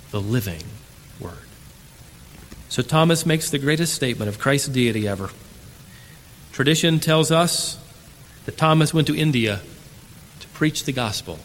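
Dramatic male preacher in an echoey hall. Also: mid-range voice. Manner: dramatic, swinging from loud emphatic to hushed. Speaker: pastor. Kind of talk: sermon. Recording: echoey hall, faint room noise.

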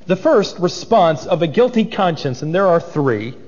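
A man's voice: high voice, very animated, moderate pace, darkish tone, long reverb tail, muffled recording. A man preaching an expository sermon, dramatic and acting out the voices of biblical figures.

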